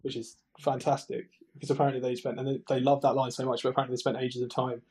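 A man's voice: medium pitch, level tone, fast, warm tone. A man co-hosting a podcast, chatting enthusiastically and rambling with many restarts. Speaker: podcast co-host. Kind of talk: casual film chat.

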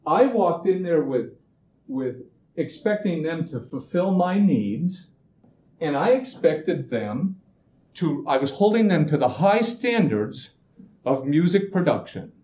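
A man with a fairly high voice speaks slowly in a casual motivational talk on expectations, recorded poorly in an echoey room with slight background noise. He animatedly tells anecdotes, acts out people's quoted voices, and often restarts his phrases.

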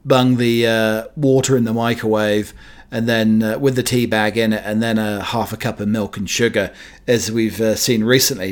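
A British-born man hosting a radio show, chatting in a meandering way with many fillers and playful asides. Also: mid-range voice. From Britain.

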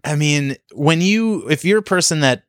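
A man chimes in with short, wry reactions in a casual podcast chat. His voice sits a little high and moves around a lot in pitch. The recording is dry and close. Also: animated, dry recording. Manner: quick reactive interjections, wry.

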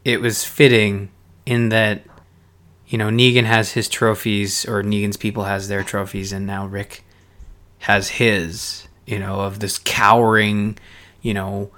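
A man's voice: lowish voice, little pitch movement, unhurried, a bit bright. A man co-hosting a casual podcast chat about a TV show, thinking aloud with frequent "you know" and restarts. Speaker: podcast co-host.

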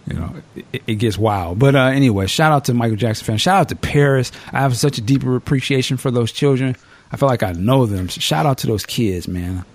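Animated storytelling podcast host, a man. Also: mid-range voice, a little fast. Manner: animated storyteller, swears freely. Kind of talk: casual podcast chat.

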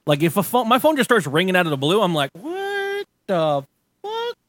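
A man co-hosting a podcast, telling stories in a loose, animated way, full of swearing and mock rants. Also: high-pitched, very fast, no room sound, studio quality. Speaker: podcast co-host. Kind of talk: casual chat.

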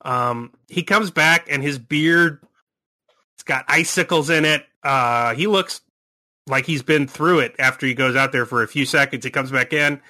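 A man's voice: medium pitch, moderate pace, pushed and bright. A man narrating a tabletop horror game as game master, with rambling, hesitant descriptions.

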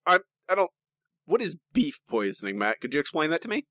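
A man's voice: on the high side, big pitch swings, brisk, pushed and bright, no echo. A man co-hosting a podcast in casual chat, talking in an opinionated, rambling way with lots of restarts. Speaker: podcast co-host.

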